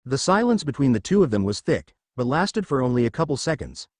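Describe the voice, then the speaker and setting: Male narrator with a lively, expressive voice. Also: mid-range voice, brisk, no room sound, studio quality. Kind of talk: fan fiction story reading.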